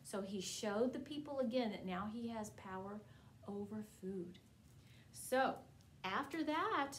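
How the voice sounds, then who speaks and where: A woman teaching a Bible class to preschoolers, telling a story in an animated, sing-song way, exaggerated for small children. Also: fairly high pitch, a little hiss or hum, rough recording.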